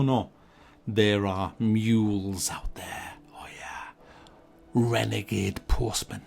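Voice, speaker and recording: A man's voice: medium pitch, a little mellow, breathy edge. A man in his forties giving a mock-serious, sarcastic and sweary game review.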